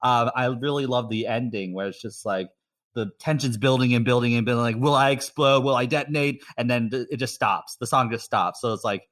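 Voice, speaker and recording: A man's voice: mid-range voice, brisk, a bit bright, distant mic. A man co-hosting a podcast about music albums, chatting casually with many fillers and frequent laughs. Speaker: podcast co-host. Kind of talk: casual chat.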